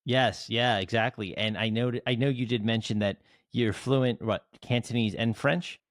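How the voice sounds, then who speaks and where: A man from South Jersey in the United States hosts an interview podcast, talking casually and at length in a chatty, rambling way full of fillers and restarts. His mid-range voice is steady and at normal speed, recorded in clean studio sound with no echo.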